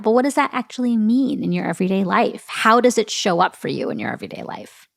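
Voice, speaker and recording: A woman doctor being interviewed on a podcast, talking in a relaxed conversational way. Her voice has a gravelly, creaky texture, and she is recorded close and dry. She tells stories animatedly and acts out each quoted line. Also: medium pitch, fast talker, few pauses, no echo. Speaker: physician and author, guest.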